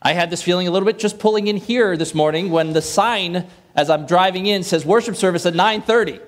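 A man's voice: high voice, fairly quick. A man preaching a sermon in a conversational way, with light self-deprecating humor, from the Northern US.

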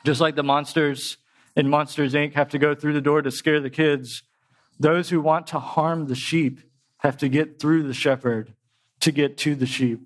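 A man delivers a sermon in a casual, explanatory tone. His voice sits a little higher than most men's. He has a slight tickle in his throat. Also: level tone, normal speed. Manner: conversational, explains with pop culture examples. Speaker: preacher.

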